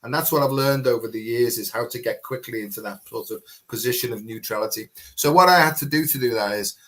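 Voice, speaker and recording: A man's voice: medium pitch, fast, fairly bright tone. Frank, rambling man. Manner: rambling, frank, peppered with "you know". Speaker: guest. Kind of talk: candid conversational testimony.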